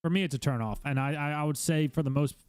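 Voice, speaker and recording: A man's voice: fairly high pitch, fast, a little mellow, smooth, no echo. A male streamer hosting his own podcast, giving blunt casual advice with lots of swearing and fillers, talking from a room at home.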